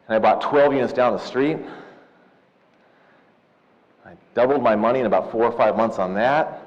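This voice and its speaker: A man of about fifty from Southern California, giving a lively, jokey seminar talk and telling stories to loan officers, often calling them "you guys.". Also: medium pitch, fast. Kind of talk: live seminar talk with personal storytelling. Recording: echoey hall, dull lo-fi sound.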